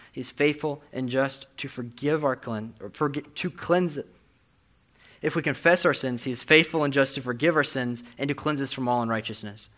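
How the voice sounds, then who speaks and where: A man's voice: medium pitch, fairly bright tone. A young man preaching a sermon, earnestly reading and explaining scripture. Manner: earnest, reads scripture aloud with emphasis.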